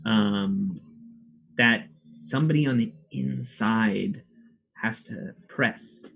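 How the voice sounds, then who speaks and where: A man serves as game master for a tabletop game, laying out each detail of the scene in a measured way. His voice is low and husky, and his pace is very slow. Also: fairly bright tone. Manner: measured, descriptive.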